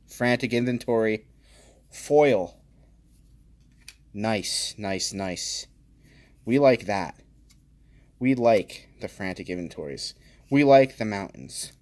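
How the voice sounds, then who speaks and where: Opening card packs on his own channel, this male host keeps up relaxed commentary, cracking jokes and calling out card names with sudden excited outbursts. He speaks in a mid-range voice, taking his time with long pauses.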